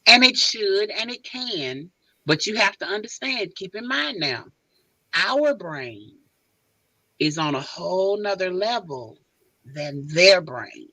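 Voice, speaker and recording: A woman guest on a podcast, giving emphatic, animated advice in casual chat. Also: lowish voice, takes it slowly, slightly rough, dry recording, poor audio.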